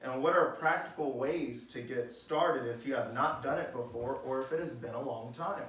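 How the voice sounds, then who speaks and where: A pastor gives a conversational sermon in a church hall, putting questions to listeners and reading scripture aloud. His mid-range, fairly bright voice moves at a moderate pace, picked up by a distant mic in an echoey room with slight background noise.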